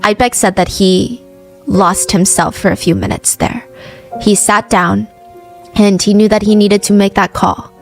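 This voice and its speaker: A woman's voice: mid-range voice, steady tone, unhurried, creaky, faint music behind, low-quality recording. A woman hosting a true crime show, retelling the case in a chatty, casual way and acting out quoted lines.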